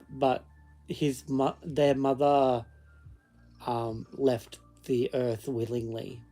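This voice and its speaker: Chatty guy vlogging, jokes around with his toys, slow easy talk. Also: medium pitch, a little mellow. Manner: chatty and joking, talks to his toys and cat. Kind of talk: casual chat to camera.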